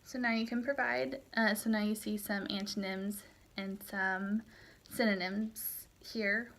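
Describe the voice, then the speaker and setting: A woman's voice: mid-range voice, fairly even intonation, a little slow, a bit bright. A young woman teaching a recorded language lesson, explaining steadily with frequent ums. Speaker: Spanish teacher. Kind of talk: recorded lecture walkthrough.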